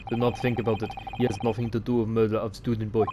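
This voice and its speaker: A man voicing a gruff, hostile male ship guard in a mock Russian accent, speaking curt broken English, as a game character voice, with steady noise in the background. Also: on the low side, fast talker, close to an everyday voice. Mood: stern. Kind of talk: let's-play character voice.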